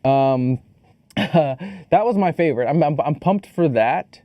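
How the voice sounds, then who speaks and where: A man's voice: fairly high pitch, lively intonation, slow pace, no room sound, highs cut off. A man co-hosting a podcast, joking playfully and swearing casually while chatting about trailers. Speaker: podcast co-host.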